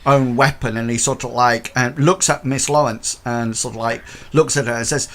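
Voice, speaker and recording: A man's voice: mid-range voice, steady tone, moderate pace, hardly any pauses, fairly bright tone. A man narrating as game master, hesitant and full of fillers.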